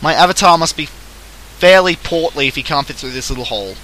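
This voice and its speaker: A man's voice: a little high, animated, brisk, bright, forceful tone, a little hiss or hum, rough recording. An Australian man hosting a casual gaming livestream, jokey, self-mocking and theatrical. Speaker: streamer host.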